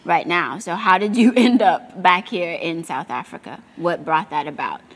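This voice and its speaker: A woman's voice: fairly low pitch, normal speed, a bit bright, slightly rough. A woman hosting a church interview, responsive and affirming, asking follow-up questions. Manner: responsive, frequent short affirmations. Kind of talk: conversational interview.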